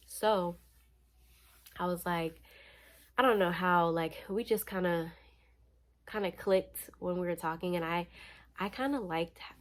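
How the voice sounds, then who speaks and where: Lower-voiced woman telling a story, slangy. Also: a little slow. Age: young adult. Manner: animated, slangy, laughing storyteller. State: tired. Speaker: vlogger. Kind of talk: casual storytime.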